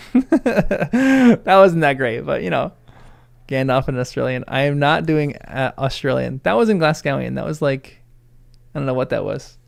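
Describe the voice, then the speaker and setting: A man's voice: mid-range voice, moderate pace, vocal fry. A man reading a novel aloud for the first time, breaking off for laughing, self-deprecating asides. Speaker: first-time book reader.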